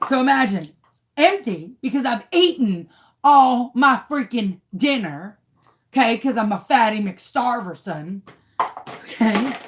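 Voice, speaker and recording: A woman's voice: on the high side, noisy background. A woman telling a story to camera in a dramatic, exasperated way. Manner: dramatic, exasperated, swings into shrieks. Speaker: crafting channel host.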